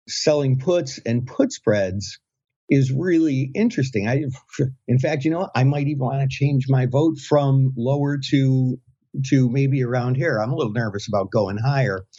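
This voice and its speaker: A man's voice: medium pitch, dark tone. A man co-hosting a podcast, talking in a rambling, hesitant way with many restarts. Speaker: podcast co-host. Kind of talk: casual podcast chat. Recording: dull lo-fi sound.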